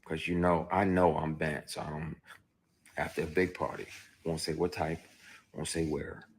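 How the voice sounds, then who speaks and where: A man, an actor, telling a personal story in a candid livestream monologue, emphatic and heated with sudden loud outbursts, speaking into a phone. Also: rumbling low, little pitch movement, normal speed, a little hiss or hum. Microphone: phone on a live stream.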